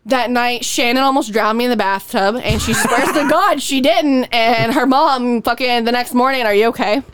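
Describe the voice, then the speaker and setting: A woman's voice: on the high side, moderate pace, slight background noise. A young woman, a podcast host telling a long, profane story in casual chat and acting out the people in it. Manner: profane, animated storytelling with acted quotes.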